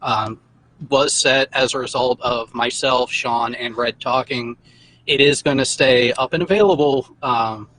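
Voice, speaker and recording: A man hosting a casual livestream chat who explains things in a measured way, with hesitant fillers. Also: mid-range voice, fairly bright tone, low-quality recording.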